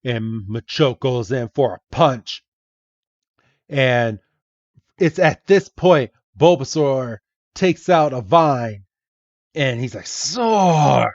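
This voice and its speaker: A man's voice: medium pitch, lively intonation, no room sound, lo-fi sound. A man hosting a podcast, recapping a comic aloud in a chatty way and correcting himself as he goes. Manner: slow, chatty, self-correcting. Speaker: podcast host.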